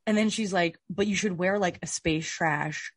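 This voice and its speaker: A woman co-hosting a podcast, telling a rambling, animated story in casual chat and laughing often. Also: lowish voice, normal speed, dry recording, clean studio sound. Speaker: podcast co-host.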